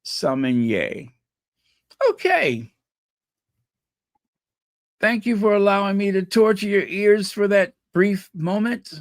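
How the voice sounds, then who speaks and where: A man's voice: high-pitched, takes it slowly, pauses often, dry recording, studio quality. A man hosting a live stream, chatting in a rambling, playful way and repeating words over and over as he tries out how to say them. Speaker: channel host.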